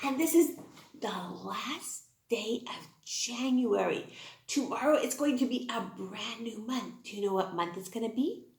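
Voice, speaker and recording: A woman teaching an online phonics class to young children, encouraging and exaggerated, speaking slowly and clearly. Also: on the high side, echoey room. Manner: sing-song, encouraging, slow and exaggerated for small children. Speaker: kindergarten teacher.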